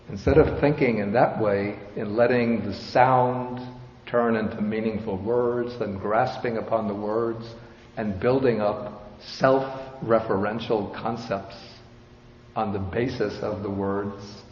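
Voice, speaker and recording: A man with a low voice gives a measured Buddhist teaching. He talks in a roomy hall with a long reverb, and the recording sounds dull. He explains patiently and sometimes adds a light joke. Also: steady tone, darkish tone. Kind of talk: dharma lecture.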